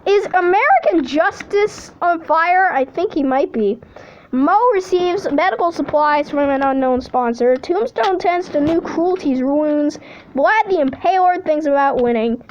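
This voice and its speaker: A high-pitched woman reads out a list of game events in a casual, playful way, tossing in jokes and cheers between them. The sound is dull and lo-fi, with a faint hiss underneath. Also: expressive, a little slow. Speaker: channel host. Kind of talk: reading simulator results aloud with commentary.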